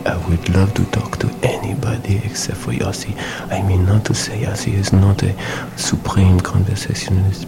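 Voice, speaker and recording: A man playing a lonely French prisoner, speaking softly and haltingly with a French accent. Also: sits low. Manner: halting, soft, hesitant, with many fillers. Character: lonely French male prisoner, gentle, earnest. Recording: music playing behind.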